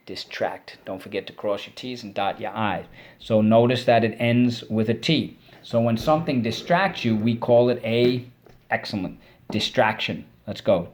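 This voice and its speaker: A man's voice: mid-range voice, normal speed, slight background noise. A male teacher giving an online spelling lesson to children, breaking words into syllables and praising his pupils as he goes.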